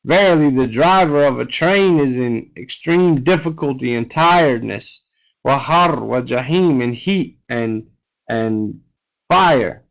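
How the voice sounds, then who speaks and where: A man with a slightly high voice teaches an online Arabic class through a computer mic, and the audio is poor. He patiently explains a reading text word by word, often checking with "right?".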